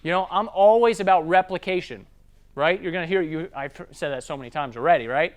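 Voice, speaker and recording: In a relaxed sales seminar, a trainer with a Southern accent coaches his audience in a high, smooth, resonant voice. He comes across as a young adult and keeps breaking into fast character voices to mimic customers.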